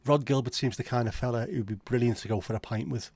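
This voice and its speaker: Mellow-voiced Liverpool man chatting. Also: medium pitch, quick pace, no echo. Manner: rambling, sweary, opinionated. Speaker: livestream host. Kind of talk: casual chat.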